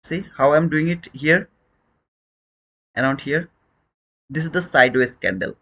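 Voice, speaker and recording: A man's voice: a little high, a little slow, pushed and bright. A man teaching a trading lesson on a live stream, questioning viewers and repeating his points in non-native English phrasing.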